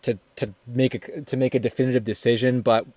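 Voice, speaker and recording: A young man hosting a casual livestream while drawing, talking in halting, rambling bursts with quick laughs. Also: medium pitch, little pitch movement, darkish tone, no echo. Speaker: streamer host.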